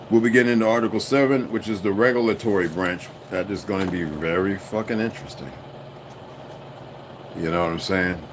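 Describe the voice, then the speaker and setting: A man's voice: low voice, noisy background. A man hosting a livestream, ranting bluntly and with heavy profanity to his viewers. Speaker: livestream host. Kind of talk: unscripted livestream rant.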